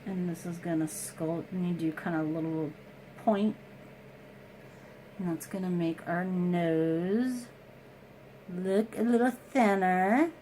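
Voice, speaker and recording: Lady doing a chill makeup tutorial, slow and chatty, kinda self-deprecating, bit of faint noise behind her. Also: fairly low pitch, warm tone, low-quality recording. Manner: chatty and self-deprecating, talks through each step. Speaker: beauty vlogger.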